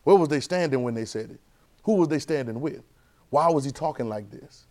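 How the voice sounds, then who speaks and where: A man teaching a church Bible class, lively and conversational, repeating phrases and asking the class questions. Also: mid-range voice, brisk.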